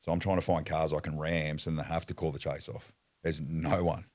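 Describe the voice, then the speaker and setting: A man's voice: very deep voice, flat delivery, fairly quick, no room sound. An Australian man telling a story as a podcast guest, blunt and foul-mouthed in casual chat. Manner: blunt, heavy swearing, acts out quotes.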